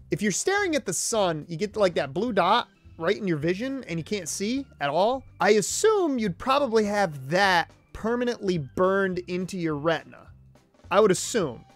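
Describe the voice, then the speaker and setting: A young man hosting his own video show, rambling casually with swearing and self-mockery into a close desk mic. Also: high-pitched. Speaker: YouTube host. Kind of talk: casual solo commentary.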